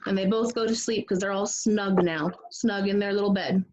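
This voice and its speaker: A woman preschool teacher reading a picture book to young children, animated and asking them questions. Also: medium pitch, normal speed, hardly any pauses, lo-fi sound, slight background noise.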